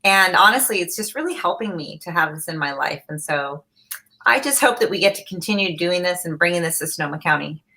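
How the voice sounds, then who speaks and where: Bright-voiced woman moderator, heartfelt. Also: lowish voice, lively intonation, a little fast, poor audio. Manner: emotional, sincere. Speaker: festival board member, moderator. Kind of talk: heartfelt closing remarks.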